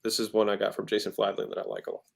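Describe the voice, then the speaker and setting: A man's voice: fairly low pitch, flat delivery, rapid-fire, creaky. A man in his thirties, a podcast guest talking casually about sales, emphatic and often shifting his tone to make a point. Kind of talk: conversational teaching about sales.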